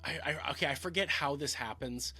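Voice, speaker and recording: A man's voice: fairly high pitch, brisk, pushed and bright. A man giving a casual film review, rambling with lots of fillers and stammered restarts.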